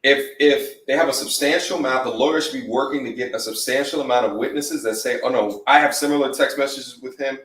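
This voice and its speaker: Measured man, off-mic and roomy. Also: mid-range voice, a bit bright, far from the mic. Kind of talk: casual chat.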